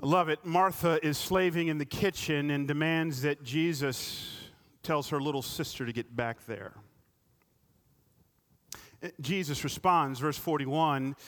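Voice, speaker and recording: A pastor delivers a sermon in a notably high voice for a man. He tells stories and presses his congregation with rhetorical questions. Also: lively intonation, measured pace, sharp tone.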